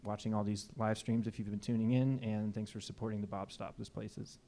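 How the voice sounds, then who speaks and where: A man, a jazz musician, chatting casually from the stage between tunes, relaxed and rambling with fillers, a little out of breath. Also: on the low side, brisk. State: slightly out of breath.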